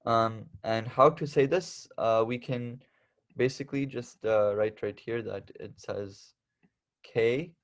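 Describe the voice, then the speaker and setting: A man's voice: mid-range voice, slow pace. A young man teaching the Arabic alphabet in a casual lesson, patiently repeating and stressing each letter sound.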